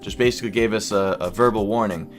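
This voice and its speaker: A man's voice: on the low side, soft background music. Young man telling a wild story. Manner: animated, swearing, quick bursts into quoted voices. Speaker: YouTuber. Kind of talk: casual storytelling vlog.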